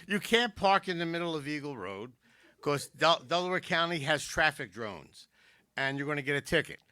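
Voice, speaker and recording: Bright-voiced Philly stand-up comic. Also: male voice, on the high side, animated, normal speed, no room sound. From South Philadelphia. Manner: joke-telling with wisecracks and asides. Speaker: stand-up comedian. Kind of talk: stand-up comedy set. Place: community arts center.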